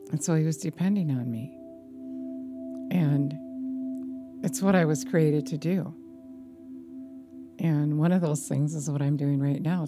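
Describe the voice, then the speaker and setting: Earnest low-voiced woman preaching over music. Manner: earnest, slow and deliberate, with a warning tone. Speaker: minister. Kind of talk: personal testimony sermon. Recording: music playing behind the voice.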